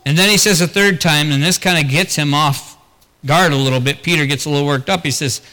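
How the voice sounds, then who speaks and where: A man's voice: on the high side, brisk, pushed and bright, long reverb tail. A man preaching a sermon as pastor, talking earnestly and putting rhetorical questions to the congregation.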